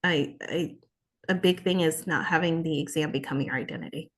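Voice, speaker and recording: Woman guest, heartfelt and expressive, slightly low voice, restarts often. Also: moderate pace. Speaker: interview guest, exam passer. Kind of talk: emotional personal story in conversation.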